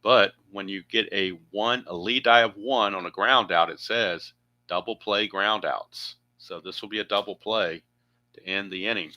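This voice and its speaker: A man with a lowish, bright and forceful voice calls his tabletop baseball game play by play. He thinks aloud as he goes, chatty and prone to wandering into asides. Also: moderate pace, no room sound, highs cut off. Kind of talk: play-by-play narration of a dice game.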